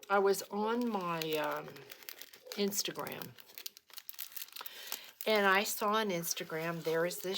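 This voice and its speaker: Slow, chatty woman telling stories. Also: on the low side, vocal fry. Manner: chatty storytelling, lively quoted voices. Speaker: crafting vlogger. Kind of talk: casual chat while crafting. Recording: noticeable background noise.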